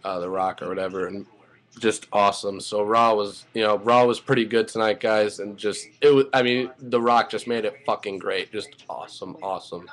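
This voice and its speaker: A man giving an excited, profane, rambling casual review as a wrestling fan, full of fillers. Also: on the low side, normal speed, poor audio.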